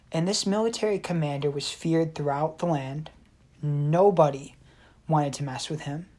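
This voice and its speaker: A woman co-hosting a podcast tells teaching stories in an earnest, measured way. Her voice is low for a woman. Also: darkish tone. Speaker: podcast co-host. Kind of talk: storytelling in a casual chat.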